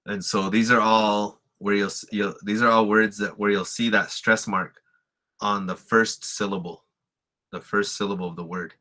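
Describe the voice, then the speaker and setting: A man from a Lakota community teaching a language lesson in an easygoing, chatty manner. His voice sits a little low but sounds bright and forceful. He pauses on example words and says them slowly. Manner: relaxed, explains with fillers and repeats example words. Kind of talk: casual spoken lesson.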